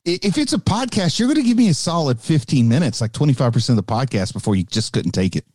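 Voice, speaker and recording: A man's voice: mid-range voice, sing-song, quick pace, dark tone, slight background noise. A man from the American South with an Appalachian accent, co-hosting a podcast with dry, wry joking. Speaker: podcast co-host. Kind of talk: casual chat.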